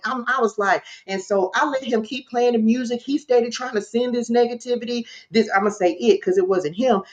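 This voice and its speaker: A woman, a spiritual coach, telling a personal story to her livestream viewers in an animated, direct way. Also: a little high, moderate pace, hardly any pauses, muffled recording.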